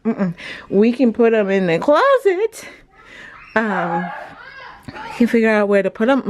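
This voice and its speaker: A woman's voice: medium pitch, a little mellow, slight background noise. A young woman, a mother vlogging casually to camera in a chatty, scattered way and laughing often. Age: young adult. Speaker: vlogger, mom of five.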